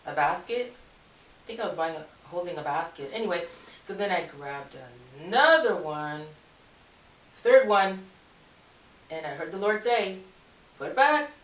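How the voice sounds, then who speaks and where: A woman's voice: on the low side, lively intonation, measured pace, pauses often. A woman telling a personal faith story in a casual, rambling way, often correcting herself and laughing. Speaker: Christian video blogger. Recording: echoey room, voice far from mic.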